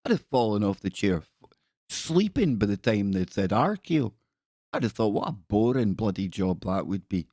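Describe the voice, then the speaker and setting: A man hosts a casual live stream, rambling and cracking jokes while he reads out captions. His voice sits fairly low, and it sounds dry and close, with little room around it. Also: big pitch swings, normal speed, a little mellow, no echo. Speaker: live-stream show host.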